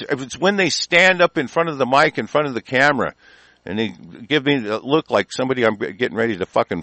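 A man's voice: mid-range voice, bright, forceful tone, no room sound. A man from the United States delivering an angry political rant, profane and combative throughout.

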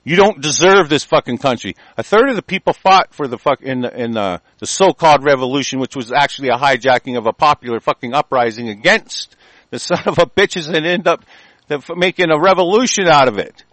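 A man's voice: fairly high pitch, lively intonation, a bit bright, no echo, rough recording. Furious profane man ranting on radio. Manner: profane, furious, halting restarts. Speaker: radio host. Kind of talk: angry talk-radio monologue.

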